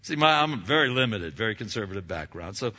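A man telling a story in a sermon, halting and repeating words as he goes. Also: fairly low pitch, sing-song, bright, forceful tone, muffled recording.

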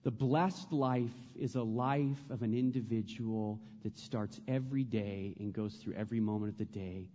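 A man preaching a sermon as pastor, earnest, repeating phrases and dropping to a hush on prayers. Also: fairly low pitch, fairly even intonation, normal speed, hardly any pauses, in a large hall, dull audio.

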